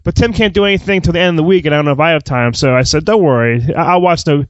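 A man co-hosting a movie review podcast in casual chat, telling animated stories and laughing often. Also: fairly high pitch, very fast, dry recording. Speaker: podcast co-host. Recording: dull lo-fi mic.

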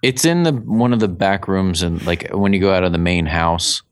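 A man co-hosting a casual podcast, relaxed and chatty as he tells anecdotes. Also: low-pitched, moderate pace, smooth, dry recording. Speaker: podcast co-host.

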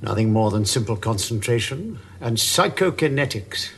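An actor playing a suave, scheming male villain in a 1980s TV drama, with a smooth, theatrical delivery over music. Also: mid-range voice, animated, moderate pace, fairly bright tone, a little hiss or hum. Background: music score.

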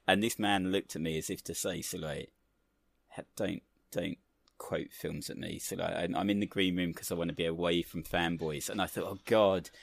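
Low gravelly-voiced man chatting. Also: dry recording. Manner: chatty storyteller, laughs loudly, many fillers. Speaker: podcast co-host. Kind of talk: casual chat.

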